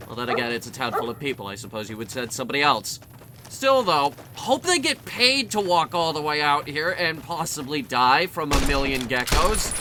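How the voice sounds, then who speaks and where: A man's voice: a little high, normal speed, noisy background. A young man giving rambling, sarcastic, jokey commentary while he plays a video game. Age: young adult. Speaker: let's play commentator.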